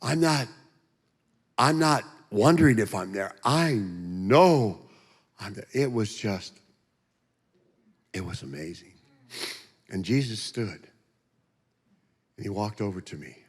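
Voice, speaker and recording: A man giving a testimony as a guest speaker in a church, telling it in an animated, joking way and acting out the voices. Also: lowish voice, slow, pauses often, husky. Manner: animated, joking storyteller who acts out voices. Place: church sanctuary. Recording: long church hall reverb.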